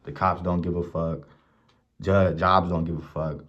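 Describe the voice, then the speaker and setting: A young man from Ohio vlogging, telling profane, animated stories about his life and acting out the people in them. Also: low voice, measured pace. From Mansfield, Ohio. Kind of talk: casual storytelling rant. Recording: dull lo-fi recording.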